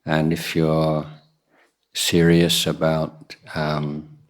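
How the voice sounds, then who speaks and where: Male monk for a guided meditation talk: very low, even voice, slow and pausing. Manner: unhurried, pausing often with soft fillers. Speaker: Buddhist monk teaching meditation.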